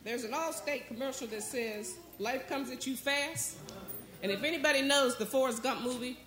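A woman preaching from a church pulpit with a bright, forceful voice pitched a little high. She leads call-and-response with the congregation and works herself up toward shouting. The room rings with echo. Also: normal speed. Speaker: guest speaker at church. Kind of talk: sermon. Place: church sanctuary. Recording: echoey church hall.

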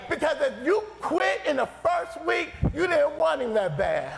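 Man, gravelly fiery preacher, shouts and repeats his points; high voice, reverberant church hall. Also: big pitch swings, measured pace. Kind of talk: fiery sermon. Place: church sanctuary. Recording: reverberant hall with faint congregation.

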